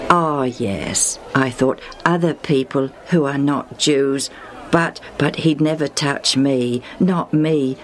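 A woman reading the part of a man once blind, now healed, who tells his healing with eager emotion. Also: deep voice. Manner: excited, emotional, chuckling.

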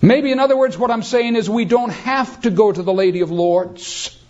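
Animated preacher man with a lo-fi sound. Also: high voice, normal speed. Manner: animated preaching, calls listeners beloved. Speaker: pastor. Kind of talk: sermon.

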